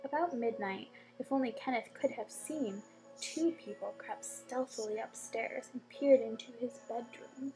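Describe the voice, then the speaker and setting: A woman reading a bedtime story aloud with gentle expression and soft whispered asides. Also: on the high side, measured pace, over music, rough recording.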